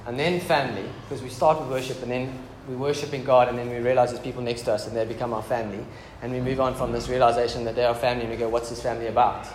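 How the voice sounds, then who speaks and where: A man's voice: mid-range voice, little pitch movement, racing, few pauses. A man preaching a casual, joking sermon in a church hall. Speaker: pastor. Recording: echoey church hall with background noise.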